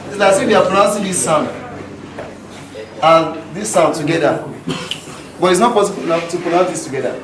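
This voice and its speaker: A man with a Nigerian accent teaching pronunciation to a class, drilling sounds by repeating words loudly. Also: high voice, normal speed, background noise. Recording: echoey room from far off with music.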